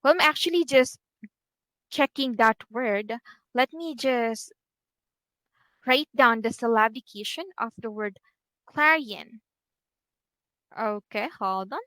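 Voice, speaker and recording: A woman teaching a one-on-one online English lesson, patient and encouraging, pausing to type corrections as she talks. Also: fairly high pitch, pushed and bright, dry recording.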